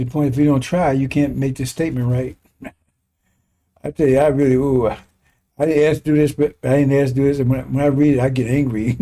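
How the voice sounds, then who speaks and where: A man's voice: medium pitch, mellow. A man preaching in a colloquial, impassioned way, reading scripture and adding mocking asides. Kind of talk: sermon commentary on scripture.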